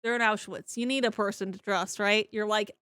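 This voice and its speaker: A young woman co-hosting a podcast, rambling through a casual book review with "like" in nearly every phrase. Her voice sits at a medium pitch, and the recording is close and dry, with no room echo. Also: fairly even intonation, a little fast, a bit bright, clean tone. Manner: rambling, lots of "like", swears casually. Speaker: podcast co-host.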